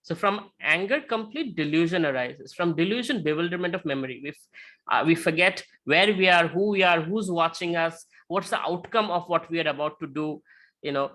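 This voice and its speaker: Bright-voiced male lecturer. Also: a little high, brisk. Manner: conversational, checks in with frequent "right?"; tells illustrative stories. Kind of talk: lecture with slides.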